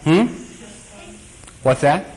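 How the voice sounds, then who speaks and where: A male Bible teacher delivering a sermon in a slightly higher voice. He keeps turning questions back to the congregation and slips into little acted voices. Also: lively intonation, very slow, a little mellow, rough recording. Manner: quizzes the congregation, acts out quotes.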